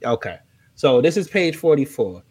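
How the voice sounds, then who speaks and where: A man's voice: mid-range voice, sing-song, normal speed, a little mellow, husky. A man in his thirties from New York, hosting a casual talk show, reading from a book and breaking off with teasing asides. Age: 30s. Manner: loose, joking, with teasing asides. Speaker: podcast host.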